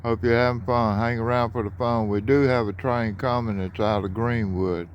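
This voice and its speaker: A man, talking casually in a flat, monotone way while filming trains outdoors on a phone. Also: mid-range voice, normal speed, lo-fi sound, a little hiss or hum. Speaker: railfan vlogger. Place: outdoors by railroad tracks at dusk.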